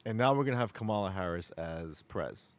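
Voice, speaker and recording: A man's voice: low voice, animated, a little fast. A man hosting a casual live stream, rambling and enthusiastic, often repeating words. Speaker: stream host.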